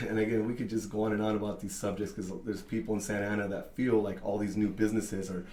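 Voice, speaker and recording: A man who owns a barbershop telling a story in casual chat, animated, full of fillers and swearing. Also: on the low side, echoey room, a little hiss or hum. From Mexican-American from Southern California. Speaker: barbershop owner.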